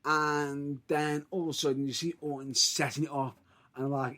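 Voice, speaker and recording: A man co-hosting a casual podcast chat, retelling events in an excitable, animated way. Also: a little high, normal speed. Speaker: podcast co-host.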